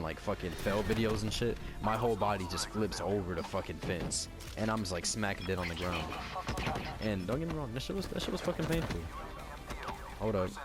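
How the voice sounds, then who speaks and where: A young man vlogging, telling a casual story full of slang and swearing. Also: on the low side. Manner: animated, heavy swearing and slang. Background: background music.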